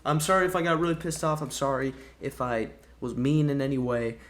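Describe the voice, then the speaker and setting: A man rants to his viewers in an offhand, rambling way, with his voice pitched right in the middle for a man. He swears freely and scatters "dude" and "man" through his gripes. He sounds loose and unscripted, stumbling and restarting as he vents. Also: fairly quick. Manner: rambling, profane, frustrated, peppers talk with "dude" and "man". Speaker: gaming YouTuber. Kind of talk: casual ranting review to camera.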